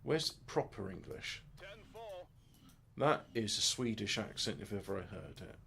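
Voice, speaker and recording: A man's voice: lowish voice, lively intonation, a little slow, gravelly, bright, forceful tone. A man muttering his way through a game in casual let's play commentary, with crude offhand jokes. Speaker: gamer.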